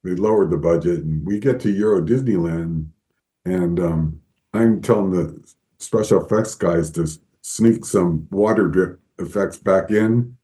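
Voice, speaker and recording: A man guest in an interview, telling lively anecdotes and acting out the people he quotes. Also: deep voice, measured pace. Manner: animated storyteller, acts out quoted voices. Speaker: guest, former Disney figure animator. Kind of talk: storytelling interview.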